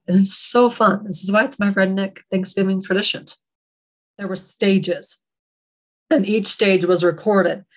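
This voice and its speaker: A woman in her thirties with a rural Utah accent, telling family stories in a chatty, rambling monologue with self-deprecating humor. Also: lowish voice. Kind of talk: casual storytelling monologue.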